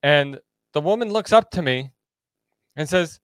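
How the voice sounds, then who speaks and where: A man's voice: on the high side, expressive, unhurried, fairly bright tone, clean tone, no echo, clean studio sound. Laughing man. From New York. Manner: laughs often, tells stories. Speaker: podcast co-host. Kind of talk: casual chat.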